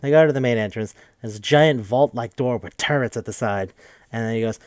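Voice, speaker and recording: A man's voice: mid-range voice, a little fast, no room sound, studio quality. A man hosting a podcast, recapping a game in a rambling, joking, profane casual chat. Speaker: podcast host.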